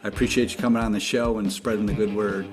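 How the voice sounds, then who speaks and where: A man hosting a podcast, asking his guest questions in a friendly, steady way. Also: on the low side, fast, soft background music. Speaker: podcast host.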